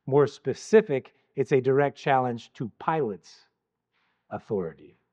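A man teaching about the Bible in a measured, emphatic way, pausing deliberately on key words. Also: medium pitch, lively intonation, a little mellow. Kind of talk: scripted Bible teaching narration.

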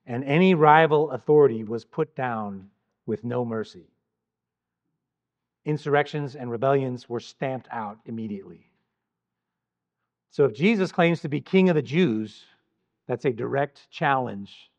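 A man teaching about the Bible in a measured, emphatic way, pausing deliberately on key words. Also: mid-range voice, highs cut off. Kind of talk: scripted Bible teaching narration.

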